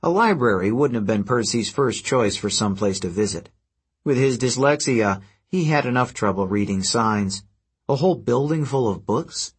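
A man narrating a fantasy adventure story in a steady, even storytelling manner. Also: medium pitch, normal speed, husky. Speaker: audiobook narrator. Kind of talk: scripted narration.

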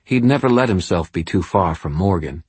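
A man's voice: low voice, animated, normal speed, a little mellow, slightly rough, no room sound. A man reading an audiobook voicing a haughty, mocking wealthy woman with a cold, waspish manner. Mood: impatient, scornful.

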